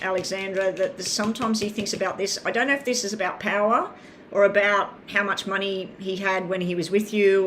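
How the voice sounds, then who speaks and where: A woman's voice: mid-range voice, a little hiss or hum. A woman giving live tarot readings, talking in a chatty, rambling way and addressing viewers by name. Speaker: tarot reader.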